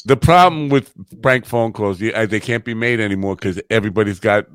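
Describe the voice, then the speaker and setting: Man, very deep bass voice, easygoing chat host, laughs a lot, dry close sound. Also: smooth, no echo. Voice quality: very deep low voice. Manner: easygoing, laughs often, halting with fillers. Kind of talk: casual chat.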